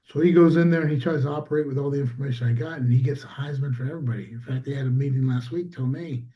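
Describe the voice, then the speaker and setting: A man's voice: medium pitch, very fast, lo-fi sound. A man, a small business owner, telling a story in casual conversation and acting out quoted dialogue.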